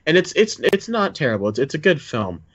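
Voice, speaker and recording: A man's voice: on the high side, sing-song, fairly quick, fairly bright tone, dry recording. A man hosting a podcast, talking about movies in an enthusiastic, rambling way. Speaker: podcast host. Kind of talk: casual movie review chat. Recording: dry, dull lo-fi recording.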